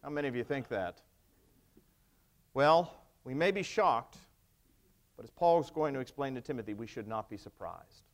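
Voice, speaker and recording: A man's voice: medium pitch, expressive, normal speed, long pauses. A male pastor preaching a sermon, emphatic and wry, asking the congregation rhetorical questions. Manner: wry humor.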